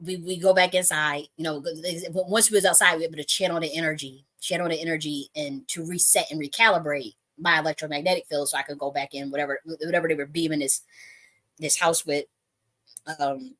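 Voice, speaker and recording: A woman with a somewhat low-pitched voice, telling a personal story with lots of profanity. She keeps restarting and circling back mid-sentence, and breaks into laughter now and then. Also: fairly bright tone. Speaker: spiritual reader.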